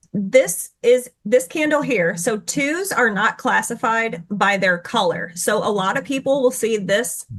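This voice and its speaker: A guest trading educator with a mid-range, slightly bright voice, this woman explains chart patterns over a video call. She hurries through her explanations and stops at times to correct herself.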